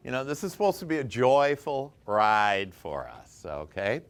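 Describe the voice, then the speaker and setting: A man's voice: medium pitch, big pitch swings, moderate pace. Upbeat male workshop coach. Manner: enthusiastic, chatty, laughs often. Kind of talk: live motivational workshop talk. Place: workshop room with a small group.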